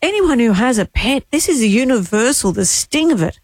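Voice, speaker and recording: A woman's voice: fairly high pitch, big pitch swings, brisk, a little mellow, no room sound, studio quality. An Australian woman in her sixties co-hosting a radio show, talking emotionally and openly in casual chat, with frequent restarts. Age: 60s. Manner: emotional, sharing grief openly, trailing restarts. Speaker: radio co-host. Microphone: studio microphone.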